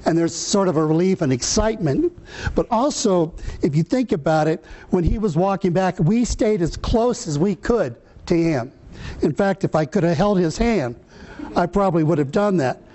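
A man preaching a sermon, reading scripture slowly and earnestly, with some fillers and restarts. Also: high voice, lively intonation, warm tone.

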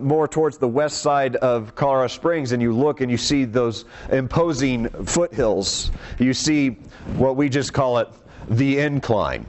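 Guy preaching, chatty sermon, reads bible verses out loud. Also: mid-range voice, slight background noise. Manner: conversational preaching, reads scripture aloud. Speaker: pastor.

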